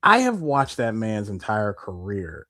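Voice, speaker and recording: A man co-hosting a casual gaming podcast, talking with emphatic, animated energy, often laughing and restarting mid-sentence. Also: fairly low pitch, a little slow, dry recording, studio quality. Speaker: podcast co-host. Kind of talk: casual chat.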